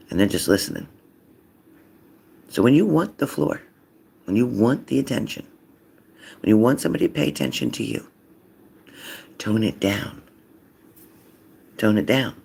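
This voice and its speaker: A man giving a casual card reading, acting out loud quotes and dropping into whispers. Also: lowish voice, vocal fry, slightly rough. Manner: animated, acts out loud and whispered voices. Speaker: psychic card reader.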